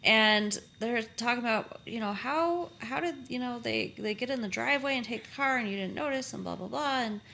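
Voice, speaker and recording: A woman co-hosting a podcast, summing up a TV episode in a relaxed way with fillers. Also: fairly high pitch, a little fast, vocal fry, few pauses, slight background noise. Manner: lively, sums up plot with fillers. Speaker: podcast co-host. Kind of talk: casual chat about a TV show.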